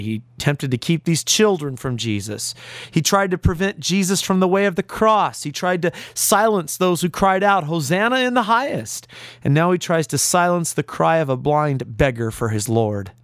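A man preaching a sermon in an earnest voice, building emphasis and pausing for effect. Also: on the high side, dry recording. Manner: earnest preaching with rising emphasis and dramatic pauses.

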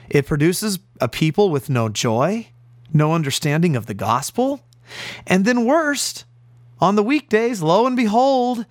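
A man preaches with emphatic conviction, throwing out rhetorical questions. His pitch rises and falls widely. The sound is dry and close. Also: no echo. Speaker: pastor. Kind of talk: radio sermon.

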